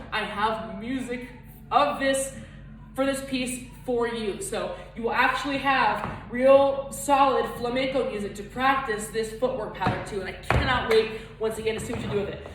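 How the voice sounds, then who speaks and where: A woman's voice: a little high, noisy background. A woman teaching a flamenco footwork lesson, explaining technique and counting beats aloud as she dances. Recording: echoey room, far from mic, loud music.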